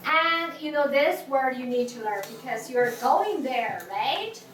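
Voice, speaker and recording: A woman's voice: sits high, lively intonation, measured pace, fairly bright tone. A woman teaching a language class, patient and full of restarts, singing tones for students to repeat. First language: Mandarin Chinese. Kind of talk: classroom teaching, call and response. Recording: echoey classroom from far off, noisy.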